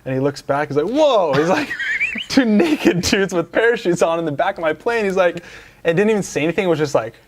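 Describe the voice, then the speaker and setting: A man's voice: high voice, big pitch swings, a little fast. A man as a guest on a casual interview show, telling a rambling anecdote full of fillers and restarts, in a lounge. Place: dealership lounge couch.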